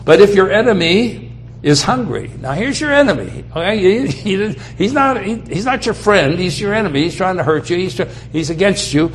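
A man's voice: high voice, lively intonation, brisk, few pauses, a little hiss or hum. A man preaching a sermon. He speaks emphatically and repeats key phrases for weight.

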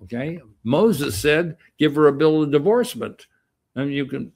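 Gravelly older man teaching the Bible. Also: a little high, lively intonation, moderate pace, darkish tone. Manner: rambling, folksy, acts out quoted voices. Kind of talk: informal Bible lecture.

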